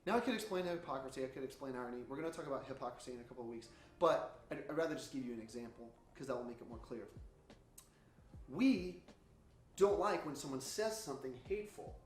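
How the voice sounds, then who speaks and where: A man preaching a sermon series intro, animated and loud when he acts out his own reactions. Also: mid-range voice, fast talker, echoey room.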